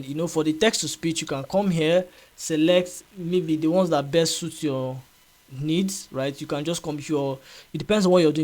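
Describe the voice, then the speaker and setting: A man hosting a casual screen-recorded software tutorial, chatty and repetitive, with frequent fillers and "right?" checks. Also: fairly high pitch. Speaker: tutorial host.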